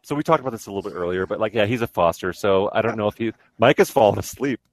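Male, lively up-and-down pitch, casual swearing and laughing, video-call chat. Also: racing, dry recording.

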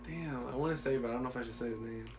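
A man's voice: mid-range voice, very fast, over music. A man co-hosting a casual podcast, joking around and chiming in with short replies. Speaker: podcast co-host. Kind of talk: casual chat.

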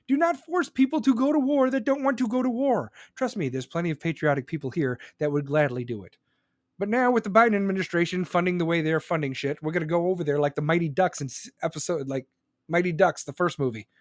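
A man's voice: high-pitched, fast, dry recording, clean studio sound. A man ranting angrily and sarcastically about politics in a profane, live-stream commentary style.

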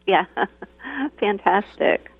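A woman calling into a radio show, soft and agreeable, murmuring assent often, heard over a phone line. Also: mid-range voice, steady tone, extremely slow, creaky, husky, dry recording. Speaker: caller. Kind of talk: phone-in conversation.

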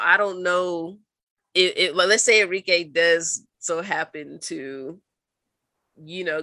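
A woman's voice: deep voice, sharp tone, dry recording. A young woman co-hosting a sports podcast, chatting casually and rambling with playful laughs. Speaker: podcast co-host.

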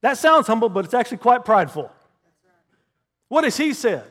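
Animated, high-voiced male preacher. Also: normal speed, pauses often. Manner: animated storytelling, emphatic repetition. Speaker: pastor. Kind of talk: sermon.

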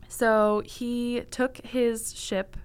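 A woman's voice: on the high side, level tone, very slow, smooth. A young woman casually telling a history story on a library podcast, laughing often and saying like and um a lot. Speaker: library staff guest presenting book picks.

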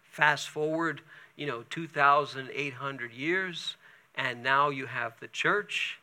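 A male pastor preaching a sermon, telling the story in an animated way with chatty asides. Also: mid-range voice, slow.

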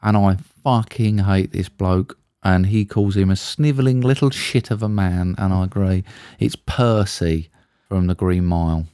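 A man's voice: low voice, measured pace, warm tone, smooth, dry recording, clean studio sound. A man, bluntly ranting in a casual chat between podcast co-hosts, swearing often.

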